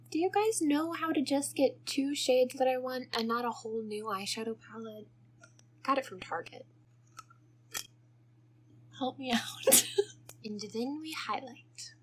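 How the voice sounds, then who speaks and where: A woman's voice: sits high, a little hiss or hum. A young woman chatting through a makeup tutorial, rambling off topic and giggling as she goes. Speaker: makeup vlogger. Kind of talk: casual makeup tutorial chat.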